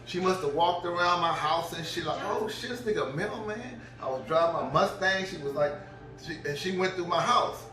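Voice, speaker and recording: A man's voice: fairly high pitch, fairly even intonation, fairly quick, pushed and bright, slight background noise. A middle-aged man telling a crude, rambling story, laughing as he goes. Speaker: vlogger. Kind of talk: profane storytelling rant. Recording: roomy, distant mic.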